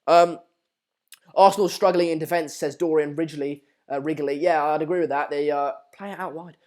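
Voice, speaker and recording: Hosting a live-streamed football watchalong, a young man with a fairly high, steady, slightly mellow voice speaks a little fast, chatting casually and reading comments from viewers amid frequent ums and uhs.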